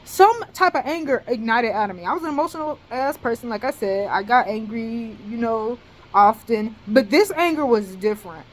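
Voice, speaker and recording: At a moderate pace and with a somewhat high voice, a young college woman shares a story for her vlog. Her delivery is animated, slangy and full of swearing, with frequent fillers like "bro" and "dead ass." It's a rough recording.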